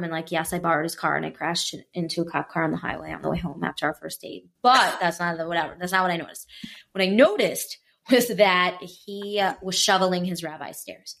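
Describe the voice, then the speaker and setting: Animated woman telling a story. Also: fairly low pitch, fairly quick, creaky. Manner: animated, acts out quoted voices. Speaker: guest. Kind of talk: casual storytelling chat.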